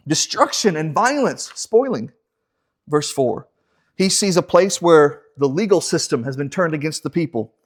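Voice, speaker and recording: A man teaching a casual Bible class in a church, joking and acting out the people he quotes. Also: a little high. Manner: joking, acts out quoted voices.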